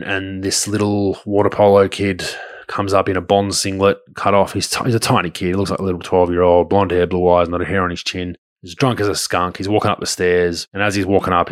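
A man's voice: sits low, steady tone, brisk, no room sound, clean studio sound. A man with an Australian accent telling a story in a loose, conversational way, often restarting his sentences and swearing casually.

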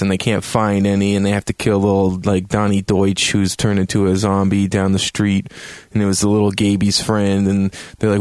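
A man's voice: fairly low pitch, clear, resonant tone, no echo, studio quality. A man hosting a game review show, rambling and joking with plenty of swearing.

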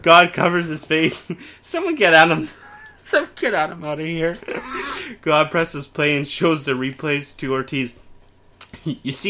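Young male podcast co-host, bright tense voice, laughs through his storytelling, casual swearing. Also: a little high, animated, measured pace.

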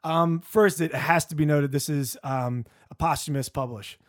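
A man's voice: a little high, normal speed, no room sound, clean studio sound. A man hosting a casual podcast chat, rambling with many restarts and fillers. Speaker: podcast host.

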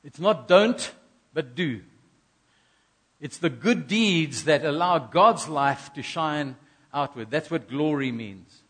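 A man's voice: fairly high pitch, lively intonation, slow, fairly bright tone, slightly rough. A middle-aged man from South Africa preaching a sermon, earnest, repeating key phrases and acting out little asides. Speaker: pastor.

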